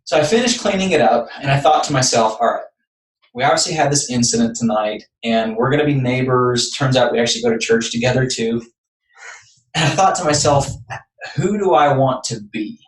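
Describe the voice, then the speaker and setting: A man's voice: medium pitch, a little fast, far from the mic. A man from Texas, a podcast guest, earnestly telling a personal story step by step. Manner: earnest, building up anecdotes step by step. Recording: echoey room, voice off-mic.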